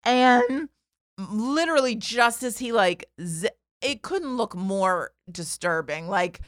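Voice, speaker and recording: A woman's voice: a little high, takes it slowly, no room sound, clean studio sound. A woman in her forties casually telling a funny personal story, full of fillers, acting out the voices of the people in it. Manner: animated, lots of "like", acts out voices. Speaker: podcast guest telling a story.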